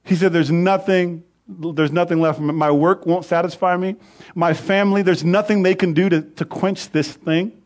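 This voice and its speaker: Middle-aged man preaching, kinda high voice, goes big then real quiet. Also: steady tone, moderate pace. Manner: preaching, swells loud on scripture then drops low and soft. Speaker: pastor. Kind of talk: sermon.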